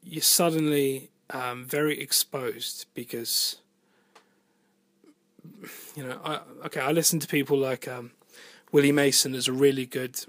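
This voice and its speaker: A singer-songwriter talks through his album in a loose, rambling monologue, thinking aloud and letting the odd swear word slip. His voice sits at an ordinary middle pitch for a man. The recording is dry and close, with no room sound. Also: steady tone, a little slow, long pauses, fairly bright tone, dry recording. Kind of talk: casual spoken monologue about album production. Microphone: home voice recording.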